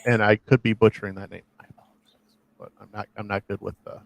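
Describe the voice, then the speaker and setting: Gravelly man chatting on a live stream. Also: fairly low pitch, little pitch movement, quick pace, no echo. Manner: rambling, self-deprecating jokes. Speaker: co-host. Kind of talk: casual chat on a live stream.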